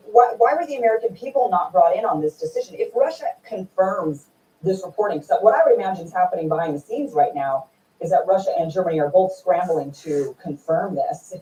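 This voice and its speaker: A woman's voice: mid-range voice, far from the mic. Indignant woman host in an echoey room. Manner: animated, indignant, rhetorical questions. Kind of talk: political interview.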